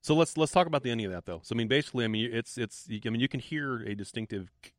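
A man hosting a radio talk show, asking curious questions with halting restarts and encouraging his guests. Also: medium pitch, no echo, clean studio sound. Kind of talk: casual radio interview.

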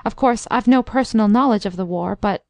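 A woman's voice: mid-range voice, a little fast, darkish tone, no echo, lightly acted. A woman reading as a stubborn young man. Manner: earnest, firm.

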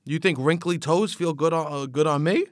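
A man's voice: a little high, moderate pace, dry recording, studio quality, natural voice. A man playing an anxious, insecure male sock who confides his fears with earnest, rambling drama. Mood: embarrassed. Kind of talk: improvised comedic interview.

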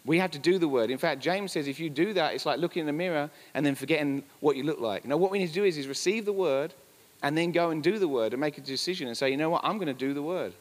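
A man's voice: a little high, quick pace. A male pastor preaching a sermon in church, emphatic and repetitive, with chatty asides. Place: church hall. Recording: reverberant church hall.

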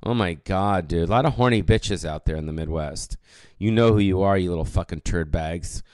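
A man of about fifty rants alone on his comedy podcast. He curses freely and wanders off topic, then corrects himself. His voice is smooth and sounds close and dry, with no room around it. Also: deep voice, normal speed, a little mellow, dry recording. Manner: rambling, profane, self-correcting. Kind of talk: casual solo podcast rant.

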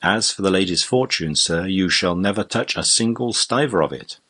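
A man reading the part of a sly, quick-witted male rogue in a classic novel, bold and wheedling. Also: low voice, expressive, pushed and bright, breathy edge, heavily acted. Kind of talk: audiobook character voice.

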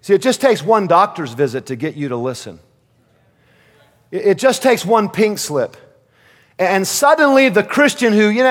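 Pastor, male, high-pitched voice, animated sermon with acted-out voices, church reverb. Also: moderate pace. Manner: storytelling preacher who acts out voices, rising to fervent pleas. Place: church sanctuary. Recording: long reverb of a church hall.

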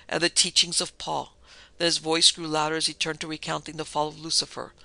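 A man narrating a story with a steady, dramatic reading. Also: a little high, gravelly, no room sound.

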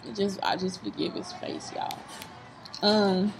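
A woman vlogging in a fast-food restaurant, talking in a blunt, profane, rambling way. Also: medium pitch, big pitch swings, creaky. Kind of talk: casual vlog talk. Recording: noisy restaurant background.

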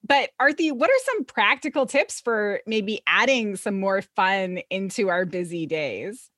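A woman's voice: mid-range voice, lively intonation, unhurried, fairly bright tone, dry recording. Bubbly podcast host woman, dry sound. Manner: bubbly, laughs often, acts out her own thoughts. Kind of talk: casual podcast chat.

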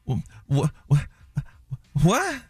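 A doddering old Southern lady in her eighties, as a man puts her on, drawling and confused, calling everyone "baby." Her voice rises higher than his own and sounds close and dry. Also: huge pitch swings, slow, darkish tone, breathy edge, dry recording, full character voice. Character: elderly Southern woman fending off telemarketers. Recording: dry studio mic.

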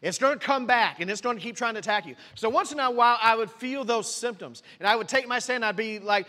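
A man preaching, a pastor telling a personal testimony with animated storytelling, acting out his own conversations. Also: very high voice, fairly quick. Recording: long reverb of a church hall.

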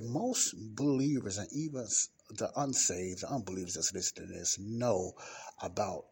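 Deep-voiced rambling man hosting a podcast. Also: normal speed, darkish tone. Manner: rambling, repeats words, frequent fillers. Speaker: podcast host. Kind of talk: casual preaching monologue. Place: library study room by a window. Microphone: close to the mic. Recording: faint street noise through window. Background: faint traffic from outside.

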